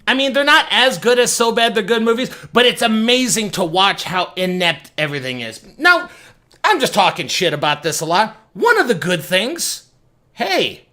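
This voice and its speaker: A man's voice: high-pitched, bright, forceful tone. A man doing casual, sarcastic reaction commentary for his channel, rambling and swearing as he mocks what he watches. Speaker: YouTube commentator.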